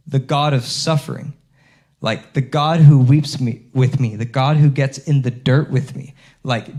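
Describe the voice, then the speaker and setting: A man's voice: medium pitch, a little mellow. Man preaching casually, lots of ums. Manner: conversational, full of fillers and restarts. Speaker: pastor. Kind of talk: sermon. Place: church.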